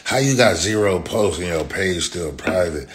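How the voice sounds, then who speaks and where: A man's voice: low-pitched, expressive, normal speed. A young man in a profane, taunting rant, repeating his insults over and over. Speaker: social media commenter. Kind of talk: angry rant.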